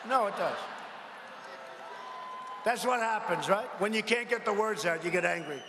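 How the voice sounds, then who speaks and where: A man's voice: high voice, lively intonation, moderate pace. A man giving a rambling campaign rally speech to a crowd in a large arena, mocking his rivals and asking the crowd for agreement. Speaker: politician at a rally. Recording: echoing hall with faint crowd noise.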